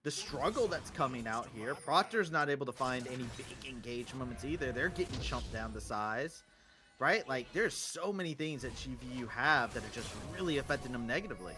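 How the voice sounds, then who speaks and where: A man casting a live esports match with play-by-play commentary that rises loudly on big plays. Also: medium pitch, animated, fairly quick, music in the background. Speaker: esports caster.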